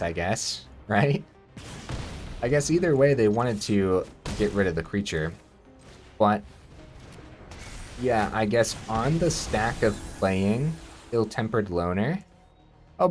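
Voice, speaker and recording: Male gameplay commentator with a low voice and a bouncy, animated delivery, chatty and prone to sudden excited shouts, with soft music underneath. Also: measured pace. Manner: chatty, thinks aloud, excitable outbursts.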